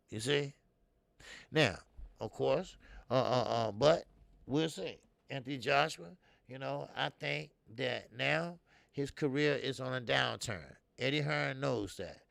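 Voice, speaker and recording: A man's voice: mid-range voice, slow, gravelly, fairly bright tone, dry recording. A man hosting a boxing talk show, rambling and swearing freely while he answers viewer comments. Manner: loose, profane and rambling, with many fillers. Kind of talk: casual live-stream commentary.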